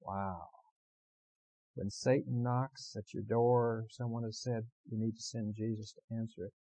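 A man's voice: mid-range voice, moderate pace, no echo, rough recording. Impassioned male preacher. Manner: builds from calm storytelling to loud impassioned preaching; repeats phrases for emphasis. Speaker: pastor. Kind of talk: sermon.

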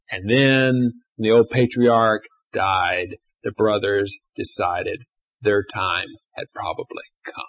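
A man preaching a sermon, swinging between loud emphatic stretches and hushed, quiet asides. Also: medium pitch, breathy edge. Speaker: pastor.

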